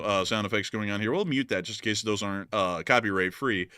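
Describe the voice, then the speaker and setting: A man's voice: on the low side, brisk, pushed and bright, smooth, soft background music. Joking man narrating war footage. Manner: joking, laughs often, explains as he goes. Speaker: war news host. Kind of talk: casual war footage commentary.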